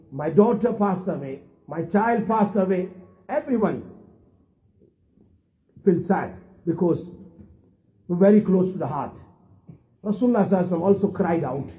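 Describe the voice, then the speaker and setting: A man with a high voice preaches a sermon, telling stories earnestly and slipping in Arabic and Urdu phrases. The recording is thin and tinny, like audio over a phone line. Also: lively intonation, normal speed, long pauses.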